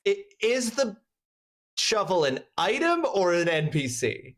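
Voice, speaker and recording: A man's voice: high-pitched, very animated, measured pace, a bit bright. A man hosting a livestream panel, laughing often and restarting his sentences in casual chat. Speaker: stream host.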